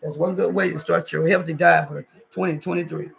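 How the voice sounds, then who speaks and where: Man, high gravelly voice, laid-back cooking vlog, phone mic set back in a roomy kitchen with household noise. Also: fairly even intonation, fairly quick, a bit bright, distant mic. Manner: loose, chatty, talks straight to viewers with lots of "y'all". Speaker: cooking vlogger. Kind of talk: casual cooking vlog chat. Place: home kitchen.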